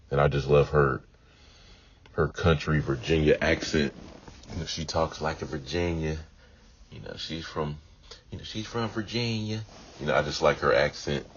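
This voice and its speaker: A man talking in a casual, meandering monologue, often repeating himself and leaning on "you know.". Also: very deep voice. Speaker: vlogger. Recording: dull lo-fi audio with faint noise.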